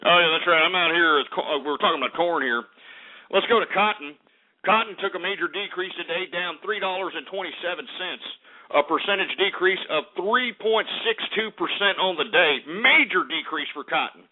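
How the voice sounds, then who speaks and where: A man hosts a radio show in a fairly high voice, ranting through commodity prices with crude insults. He keeps breaking off into exasperated muttered asides. The audio is narrow and tinny, like a phone line. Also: brisk. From Texas. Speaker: radio host. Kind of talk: abrasive comedic market rant.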